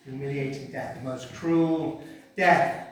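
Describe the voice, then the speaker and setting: A man preaching a sermon and reading scripture, swinging between hushed and loud delivery. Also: medium pitch, fairly even intonation, slow pace, a little hiss or hum. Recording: echoey hall picked up from a distance.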